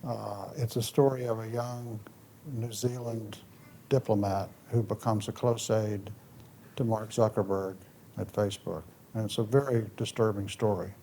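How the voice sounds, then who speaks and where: A man, a former ambassador, giving a public talk and answering questions, with lively storytelling and a restless manner. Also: fairly low pitch, a little slow, slight background noise. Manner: animated storytelling, restless, moves around.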